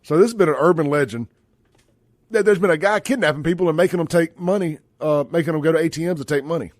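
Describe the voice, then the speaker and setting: A man's voice: a little high, fast talker, no room sound, studio quality. A man from Mississippi hosting a talk radio show, blunt and folksy, calling listeners brother. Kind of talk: conservative talk radio commentary.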